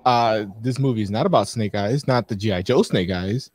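A man's voice: lowish voice, normal speed, slight background noise. A man co-hosting a casual podcast, reviewing a film in a rambling way with many fillers and restarts.

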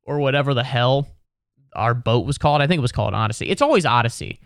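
A man's voice: mid-range voice, expressive, quick pace, vocal fry, smooth, no echo, studio quality. A man doing a rambling, exasperated stand-up routine, swearing freely. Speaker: comedian. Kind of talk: stand-up comedy monologue.

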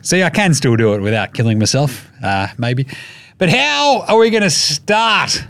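A man's voice: fairly high pitch, big pitch swings, normal speed, a bit bright, no room sound. An Australian man hosting a casual sports podcast, talking in an irreverent, jokey and profane way. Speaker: podcast host.

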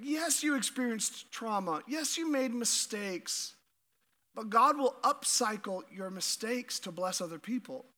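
A middle-aged man preaches with a high, sharp, bright voice. He is energetic, restarts and repeats his words, and keeps asking the congregation questions. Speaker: pastor. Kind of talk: sermon.

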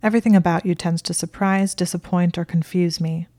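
A prim young witch, earnest and flustered, firing off baffled questions, as a woman reading aloud acts her out. Her voice sits a little higher than the narration, still warm and mellow, recorded close and dry. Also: steady tone, fairly quick, no echo, lightly acted. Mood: bewildered.

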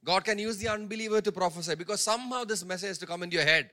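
Pastor guy preaching, high bright voice, keeps repeating lines for emphasis. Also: racing. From India. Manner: emphatic, repeats phrases for stress; acts out characters' words in his own voice. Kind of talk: sermon.

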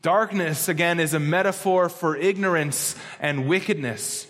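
Male pastor, emphatic sermon delivery, high voice, long hall reverb. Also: a bit bright. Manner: emphatic, repeats key phrases, slows down for stress.

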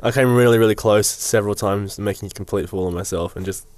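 A man's voice: lowish voice, fast, darkish tone, no echo. A man co-hosting a podcast in casual chat, easygoing and hesitant with fillers, recorded close and dry. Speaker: podcast co-host.

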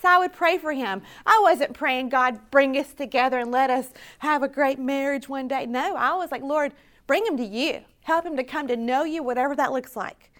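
A woman's voice: high-pitched, moderate pace, a bit bright. A woman telling her faith story at a conference, earnest and storytelling, quoting her own prayers. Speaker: conference speaker. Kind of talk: personal testimony talk.

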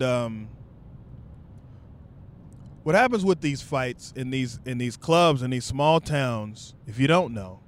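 A young man telling a funny story straight to his viewers, loose and profane. His voice sits a touch high and stays casual. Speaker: vlogger.

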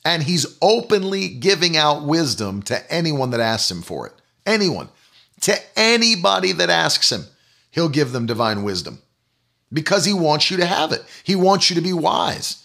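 A man's voice: a little high, big pitch swings, moderate pace, gravelly, pushed and bright. A man preaching a sermon, emphatic and repetitive, leading the listeners in spoken declarations. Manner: emphatic, repeats key phrases; leads declarations.

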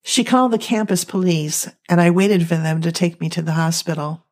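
A young woman reads a dramatic first-person story aloud. Her delivery is slow, emotional and halting, with a slightly low pitch. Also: fairly even intonation, darkish tone. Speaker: narrator.

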